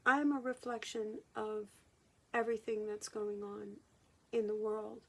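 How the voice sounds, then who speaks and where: A woman hypnotherapist speaking in a personal vlog monologue, halting and reflective, often restarting her sentences. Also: medium pitch, level tone. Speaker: hypnotherapist and channeler.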